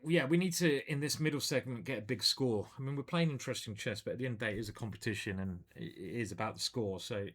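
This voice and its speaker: A man's voice: on the low side, fairly bright tone, breathy edge. A man, a chess grandmaster, commentating live on his own online games in a chatty, self-deprecating way, thinking aloud at a home computer.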